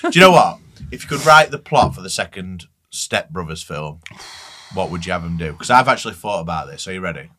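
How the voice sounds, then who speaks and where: A man's voice: low-pitched, big pitch swings, a little fast, pushed and bright, slight background noise. A young English man co-hosting a podcast, joking around and cracking crude punchlines. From England. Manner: jokey, quoting films with crude punchlines. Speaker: podcast co-host. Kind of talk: casual chat.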